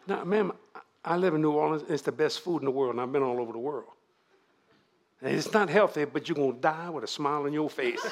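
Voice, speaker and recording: An older man, preaching at a revival, moving from fervent shouted prayer to folksy storytelling. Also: on the high side, a little hiss or hum. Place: church sanctuary.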